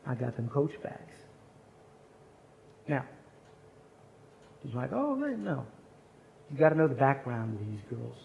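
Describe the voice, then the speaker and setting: A man's voice: medium pitch, takes it slowly, gravelly, long pauses, a little mellow, slight background noise. Man preaching in a chapel, casual storytelling, mid voice, faint ambience behind. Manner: conversational, earnest anecdotes. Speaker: chapel speaker. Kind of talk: storytelling sermon.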